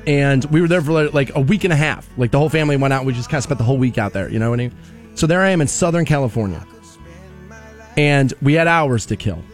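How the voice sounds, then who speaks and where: A man hosting a rock radio show, telling stories loudly and laughing at himself between promo reads. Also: mid-range voice, quick pace, soft background music. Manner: animated, shouting storyteller who laughs at himself. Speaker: radio morning show host. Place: radio studio.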